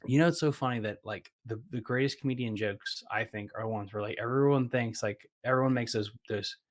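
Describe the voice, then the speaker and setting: A man in the middle of the male pitch range chats loosely as a podcast host. He rambles through his points with a steady stream of "like" fillers and curses now and then. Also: a little fast. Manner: rambling, heavy use of "like" fillers, swears casually. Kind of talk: casual chat.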